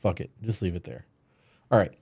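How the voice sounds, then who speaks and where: A man's voice: low-pitched, lively intonation, a little fast, vocal fry, warm tone, husky. A man co-hosting a podcast live stream, giving blunt, profane relationship and parenting advice in casual chat. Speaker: podcast co-host.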